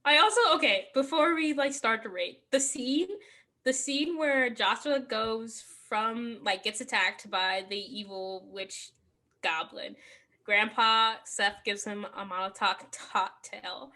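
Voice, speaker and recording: Young woman podcast co-host, crisp bright voice, chatty and giggly. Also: fairly high pitch, slow pace. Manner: rambling, laughing, full of "like". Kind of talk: casual chat.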